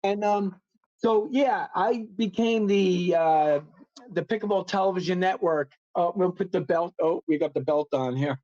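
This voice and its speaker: A man's voice: high-pitched, a little slow, darkish tone, highs cut off. A man with a New York accent, a podcast guest telling his story in casual chat, full of fillers and restarts. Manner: rambling, many fillers and restarts.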